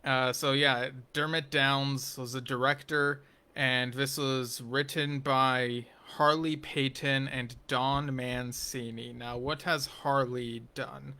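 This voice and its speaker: A man offers a slow, rambling spoken review of a TV episode, his delivery flat and his bright, forward tone holding near one pitch. He circles back again and again, with ums, restarts and wry, nerdy side comments.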